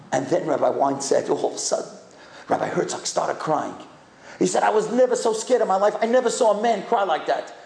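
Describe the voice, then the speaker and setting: A man's voice: on the high side, gravelly, darkish tone. An older man, a rabbi, giving a sermon as an impassioned storyteller who urges his congregation with rhetorical questions. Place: hall with a congregation. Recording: echoey room.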